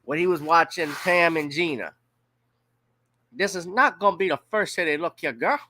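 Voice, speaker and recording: A man's voice: fairly high pitch, pushed and bright, no room sound. A man from Louisiana, giving blunt, profane casual commentary on a news story. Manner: blunt, profane, drawn-out emphasis.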